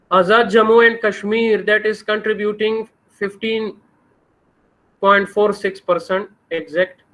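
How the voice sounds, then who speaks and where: A man's voice: high voice, pushed and bright, rough recording. A man with a Pakistani English accent giving a university engineering lecture, posing questions to the class and answering them himself.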